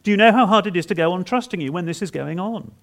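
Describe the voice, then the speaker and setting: A man preaching in a higher-than-usual register with a gravelly edge to his voice. He retells scripture dramatically in the first person. His delivery is halting, and he repeats words for emphasis. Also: animated, fairly bright tone. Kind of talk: expository sermon.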